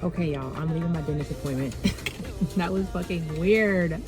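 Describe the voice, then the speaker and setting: A woman's voice: low-pitched, normal speed, poor audio. A woman dental hygienist chatting casually in a vlog, blunt and profane, acting out conversations. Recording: music playing behind.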